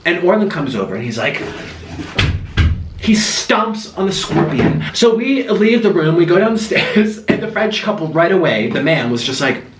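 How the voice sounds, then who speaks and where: Animated, high-voiced young male storyteller. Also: normal speed, echoey room, noisy background. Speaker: vlogger. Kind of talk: storytime while eating.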